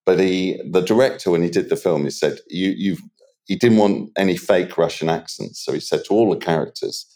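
A British man chatting as a podcast guest, telling stories in a relaxed, slangy way. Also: sits low, a little fast. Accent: British English. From England. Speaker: guest, water treatment expert. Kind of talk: casual interview chat.

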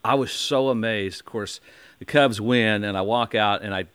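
Speaking at a moderate pace in a fairly low, smooth voice with no echo, a male podcast host from the American Midwest chats casually through a long story. He's an animated storyteller who voices other people's quotes and keeps restarting.

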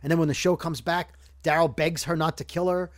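A man's voice: a little high, fairly even intonation, brisk, no echo, studio quality. A man from Brooklyn hosting a podcast in casual chat, rambling and joking as he corrects himself. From Brooklyn, New York. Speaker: podcast host.

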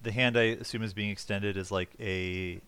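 A playful player describing his character's moves in a fairly low voice, close to the mic in a dry sound with faint music underneath. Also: fairly even intonation, normal speed, a bit bright, smooth, no echo. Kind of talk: narrating own character in a tabletop game.

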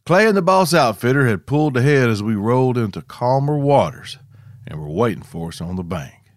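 A man's voice: mid-range voice, big pitch swings, brisk, no echo. A man from Arkansas, telling a scripted outdoor story with dry, wry humor. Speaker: podcast host.

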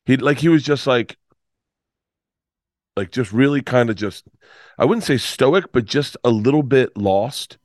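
A man's voice: medium pitch, lively intonation, a little slow, long pauses, no room sound, studio quality. A man in his fifties, a comedian guest telling a rambling story full of restarts and swearing. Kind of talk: storytelling in conversation.

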